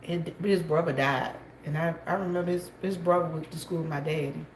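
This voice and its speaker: A woman chatting casually to her viewers from a gas station store, gossipy and quick to laugh. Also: deep voice, fairly even intonation. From South Carolina, USA. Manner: chatty and gossipy, laughs often, calls out loudly to coworkers. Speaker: vlogger. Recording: echoey room, faint background noise.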